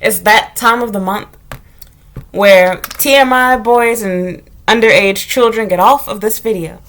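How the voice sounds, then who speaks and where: A woman's voice: mid-range voice, a little slow, fairly bright tone. A woman from the United States, talking bluntly and profanely in a casual vlog monologue. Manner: blunt, profane, candid storytelling. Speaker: vlogger.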